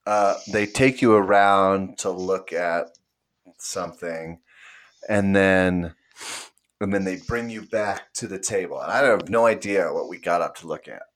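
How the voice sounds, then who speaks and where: A man's voice: deep voice, a little slow. Easygoing man recalling a story. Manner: relaxed, trailing off, fuzzy on details. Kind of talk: casual storytelling chat.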